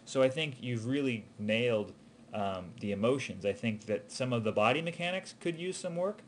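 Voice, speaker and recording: A man's voice: medium pitch, lively intonation, normal speed, a little hiss or hum. A man giving an animation student casual, encouraging feedback, hesitating with frequent ums and restarts. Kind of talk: casual spoken critique.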